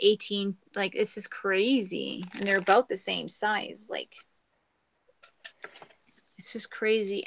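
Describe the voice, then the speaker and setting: A middle-aged Canadian woman with a medium-pitched voice chats casually on a craft livestream. Her talk meanders and trails off into soft murmurs.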